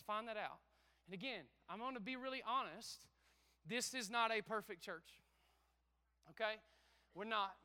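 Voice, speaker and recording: A man pastor preaching an energetic sermon, calling out to the congregation, a little out of breath. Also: high voice, clear, resonant tone. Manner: emphatic preaching with call-outs to the congregation.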